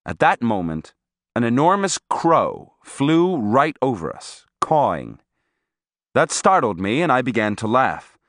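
Animated male audiobook narrator. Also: medium pitch, measured pace, no room sound, studio quality. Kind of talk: scripted first-person narration.

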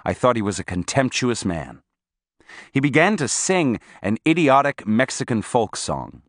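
A man's voice: medium pitch, sing-song, a little slow, no room sound, clean studio sound. A man reading a first-person story aloud as an audiobook narrator, telling it expressively.

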